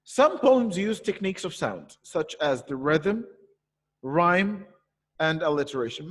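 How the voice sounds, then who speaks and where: A man's voice: on the high side, expressive. A man teaching an online poetry lesson, patiently explaining and repeating key points. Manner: patient, explains slowly with repetition. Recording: echoey room with long reverb.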